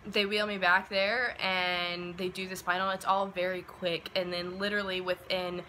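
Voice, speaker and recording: A woman of about twenty telling a personal story in a casual, chatty way, with many "like" and "um" fillers, and acting out quoted lines in a lively, animated way. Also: fairly low pitch, normal speed, a little hiss or hum, poor audio. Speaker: vlogger.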